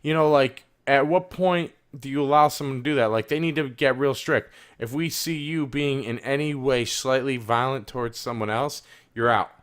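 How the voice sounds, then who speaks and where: A man co-hosting a casual gaming podcast, swearing a lot and swinging between loud outbursts and low muttering. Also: normal speed, smooth. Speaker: podcast co-host. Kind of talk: casual chat.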